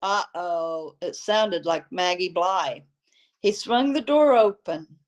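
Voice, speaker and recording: Woman reader, novel read aloud, slow and steady delivery. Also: fairly low pitch, poor audio. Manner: steady, unhurried storytelling. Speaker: audiobook reader.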